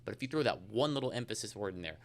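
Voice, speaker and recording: A man's voice: on the low side, lively intonation, rapid-fire. A man talking as a guest in a casual podcast interview, rambling along with many fillers. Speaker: insurance agent guest.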